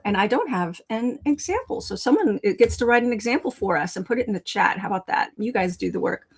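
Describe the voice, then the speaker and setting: A woman at a mid-range pitch, leading a live online writing lesson. She talks casually and keeps turning to viewers in the chat. The sound comes through a video call microphone. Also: expressive, fast, creaky, husky, rough recording. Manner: chatty, addresses viewers in the chat. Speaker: writing coach and live show host. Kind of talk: casual live-stream teaching.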